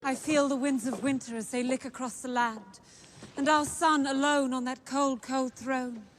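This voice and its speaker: A woman's voice: high-pitched, steady tone, moderate pace, natural voice. A woman playing a theatrical grieving stage queen. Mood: mournful. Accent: posh English. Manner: declamatory, theatrical. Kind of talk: television drama.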